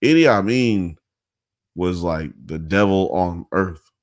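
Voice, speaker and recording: A man's voice: deep voice, expressive, slow, dry recording, studio quality. A man hosting a live show, chatting in a loose, rambling, slangy way. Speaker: podcast host. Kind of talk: casual live-show chat.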